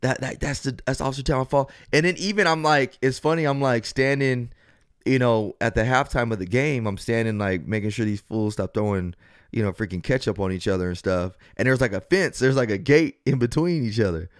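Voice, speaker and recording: A man's voice: mid-range voice, fairly quick, clean tone, no echo. Rambling young man, dry close sound. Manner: rambling, restarts, lots of "like" and "bro". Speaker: podcast co-host. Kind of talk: casual chat.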